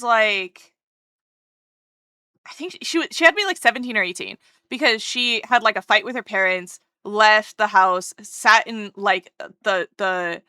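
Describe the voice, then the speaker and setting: A woman's voice: medium pitch, bright, forceful tone, clean tone, dry recording, clean studio sound. A woman streamer chatting casually while drawing, gushing and rambling as she interrupts herself.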